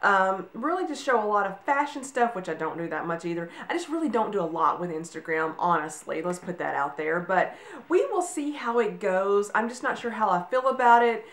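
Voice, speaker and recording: A woman in her forties chatting casually to camera, rambling a little with frequent ums. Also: medium pitch. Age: 40s. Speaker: vlogger. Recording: echoey room.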